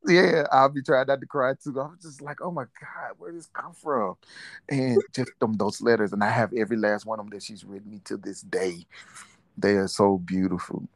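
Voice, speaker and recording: Middle-aged man, very low voice, laughs often, dry close sound. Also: fairly quick, dry recording. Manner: warm, reflective, laughs often. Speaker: interviewee, father. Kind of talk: casual family interview.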